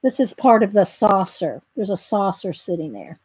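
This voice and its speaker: A woman's voice: mid-range voice, very animated, moderate pace, a little mellow, husky. A woman chats casually while she draws, rambling through a story with lots of ums and restarts. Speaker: art tutorial host. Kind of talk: casual chat while drawing.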